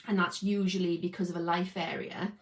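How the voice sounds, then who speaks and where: A woman talks casually to her viewers about her healing practice, pitched a little low. She explains as she goes and keeps checking in with "okay?". Her tone is informal and unscripted. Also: level tone, brisk, rough recording. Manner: chatty, explains with lots of "okay?" tags. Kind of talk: casual talk to camera.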